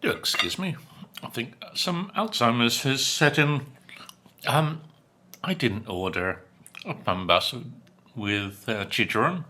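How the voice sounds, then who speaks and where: Slow, bright-voiced man reviewing food. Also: mid-range voice, lively intonation. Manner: unhurried, chatty, dry humor, chews and hums between remarks. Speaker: food vlogger. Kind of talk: casual food review while eating.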